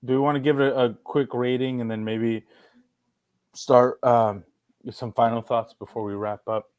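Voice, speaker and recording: A man's voice: medium pitch, fairly even intonation, moderate pace, a little mellow, clear, resonant tone, no room sound. A man co-hosting a casual film podcast, talking in a brash, playfully provocative way with plenty of swearing. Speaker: podcast co-host. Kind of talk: casual chat.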